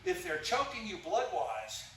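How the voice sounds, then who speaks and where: An older man with a slightly high voice gives a rambling, folksy self-defense lesson. He sounds distant from the microphone in a very echoey training room, with a faint background hiss. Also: sing-song, a little slow, a bit bright. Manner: rambling and folksy, many fillers. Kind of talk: casual instructional talk during a demonstration.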